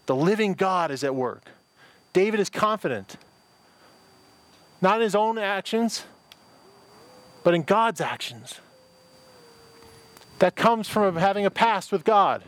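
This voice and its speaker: Man preaching a chatty sermon, higher voice. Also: no echo. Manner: conversational preaching with asides and repetitions. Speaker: pastor. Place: church service with a parking-lot and online audience.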